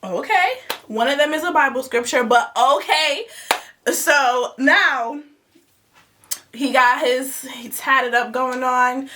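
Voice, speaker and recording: A woman in her twenties, telling a personal story in a casual, animated and dramatic way, laughing and dropping into asides. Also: sits high, slow, distant mic, a little hiss or hum.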